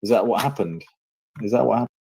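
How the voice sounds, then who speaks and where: A man's voice: fairly low pitch, quick pace, vocal fry, darkish tone, a little hiss or hum. A young man giving casual reaction commentary in a mocking, sarcastic tone, with plenty of rhetorical questions.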